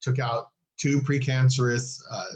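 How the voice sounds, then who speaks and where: A man co-hosting a podcast, telling a story in casual chat and acting out the people in it with big swings in his voice. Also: unhurried. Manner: animated, acts out quoted people with big pitch jumps. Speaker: podcast co-host. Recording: echoey room.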